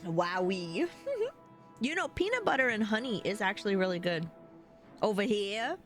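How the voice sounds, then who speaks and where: A woman's voice: medium pitch, big pitch swings, normal speed, soft background music. A woman with a New York accent, chatting casually with her live-stream viewers and laughing often as she answers them.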